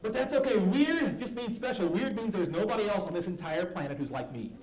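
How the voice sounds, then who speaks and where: A man's voice: sits high, lively intonation, fairly quick, crowd noise. A man performing comedy gospel magic for kids, talking in a silly, playful, self-mocking way. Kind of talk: live stage comedy talk for kids. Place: church hall stage. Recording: echoey hall with music behind.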